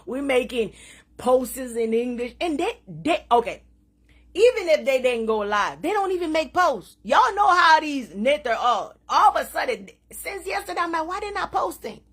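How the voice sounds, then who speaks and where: A woman hosting a casual live stream, talking in an animated way, laughing often and mixing in Creole phrases. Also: sits high, normal speed. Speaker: social media live host.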